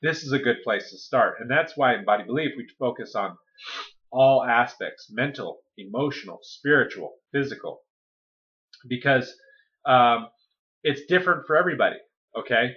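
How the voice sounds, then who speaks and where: Male coach, mid-pitched, chatty motivational delivery, keeps checking in with listeners, dull lo-fi recording. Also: animated, moderate pace. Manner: conversational, often checks in with "okay?" and "right?". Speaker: weight-loss coach. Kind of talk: casual motivational talk.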